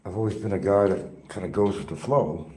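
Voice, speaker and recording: A man's voice: low-pitched, fairly quick. A man hosting a live stream, chatting to his viewers in a rambling, meandering way. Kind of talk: rambling casual live chat. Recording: noisy ambient background.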